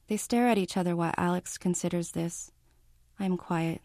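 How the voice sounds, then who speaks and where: An author reads her own novel aloud in the first person, calm and measured. Her voice is lowish and mellow, recorded close and dry with no room sound or echo.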